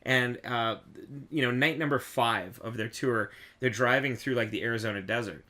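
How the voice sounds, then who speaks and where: A man hosting a podcast, chatting casually and telling lively stories. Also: medium pitch, moderate pace. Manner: animated storyteller, shouts in re-enactments. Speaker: podcast host. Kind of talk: casual chat.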